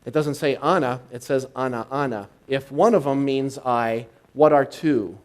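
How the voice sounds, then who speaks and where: A man's voice: medium pitch, rough recording. Reflective male minister giving a sermon. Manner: teaching, reflective, unhurried. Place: spiritual center congregation, live.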